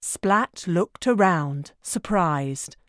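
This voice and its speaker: Slow, expressive woman storyteller. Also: fairly low pitch, no room sound, studio quality. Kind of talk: children's book read-aloud.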